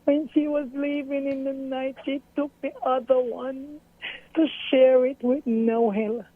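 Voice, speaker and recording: A woman's voice: sits high, slow. A middle-aged woman, a mother earnestly recounting events in an interview. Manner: earnest, storytelling, animated retelling. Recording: tinny phone-like audio.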